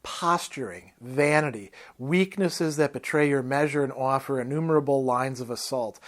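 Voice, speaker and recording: A man's voice: mid-range voice, moderate pace, close to an everyday voice. A man reading aloud the lines of a fierce male barbarian warrior who talks in a blunt, contemptuous, lecturing way. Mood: scornful.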